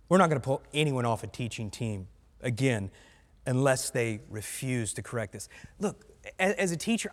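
A man's voice: high-pitched, long reverb tail. A male pastor from the United States preaching a sermon bluntly, with conversational asides to his congregation. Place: church sanctuary.

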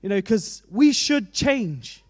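A preacher with a fairly high voice gives an earnest sermon in a conversational way, plain and personal, with asides from his own life. He speaks slowly in a sing-song manner. The recording is dry and close, without room echo.

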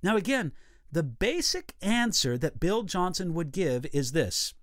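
A man, a pastor, giving a measured, emphatic teaching talk with repeated phrases for emphasis. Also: high-pitched, big pitch swings, fairly bright tone, no echo, studio quality. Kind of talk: teaching a livestream Bible talk.

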